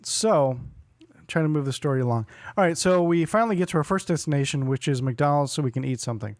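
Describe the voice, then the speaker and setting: A man in his forties tells a rambling story on a podcast and acts out every line of dialogue. His voice sits a bit high. The sound is dry and close. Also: fast, no echo. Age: 40s. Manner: animated storyteller, acts out quotes, laughs often. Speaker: podcast co-host. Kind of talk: casual chat, storytelling.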